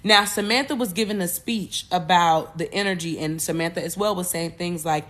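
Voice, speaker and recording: A woman hosting a podcast, retelling a movie plot in a loose, animated way, with cursing and frequent self-corrections. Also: fairly low pitch, moderate pace. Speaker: podcast host.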